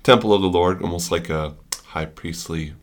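Male pastor, very deep, gravelly, monotone, thinking aloud. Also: moderate pace. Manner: thinks aloud, searching for words. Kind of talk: devotional discussion.

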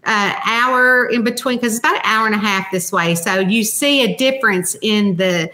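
A middle-aged woman from Kentucky with a regional accent, talking casually in an interview. Her voice is bright and forward, and she tells her stories with energy. She slips into quick impressions of the people she talks about. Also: mid-range voice. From Central Kentucky. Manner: chatty storyteller, animated quoting of others. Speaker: guest author.

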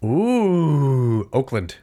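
Male podcast co-host, teasing quizmaster, casual swearing, animated delivery. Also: medium pitch, very slow. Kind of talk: casual chat.

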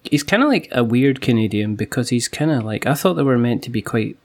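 A Scottish man, a guest on a podcast, chatting casually and joking in a deadpan, mock-official way. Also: medium pitch, a little fast. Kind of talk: casual chat.

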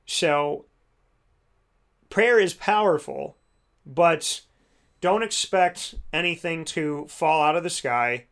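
A man's voice: fairly high pitch, slow pace, pauses often, fairly bright tone. A man talking casually about faith and prayer, rambling, with many fillers. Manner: rambling, many "you know"s, restarts.

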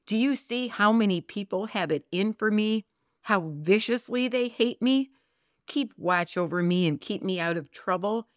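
A woman co-hosting a Christian podcast, talking earnestly and reading scripture slowly and expressively. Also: medium pitch, no room sound, clean studio sound. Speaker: podcast co-host.

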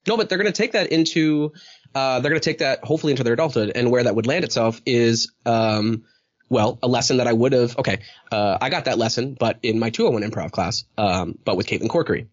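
A man's voice: medium pitch, quick pace, muffled recording. A man hosting a casual podcast chat, rambling with many fillers and acting out quoted dialogue. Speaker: podcast host.

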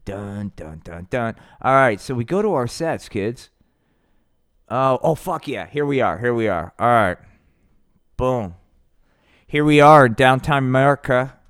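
A man's voice: mid-range voice, animated, measured pace, long pauses, a bit bright, clean tone, no room sound, clean studio sound. A man hosting a podcast, improvising a comic puppet show and chatting in a loose, profane, rambling way. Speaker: podcast host.

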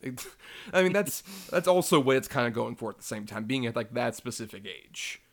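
A man co-hosting a casual film podcast, chatty and quick with joking asides. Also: medium pitch, expressive. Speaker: podcast co-host.

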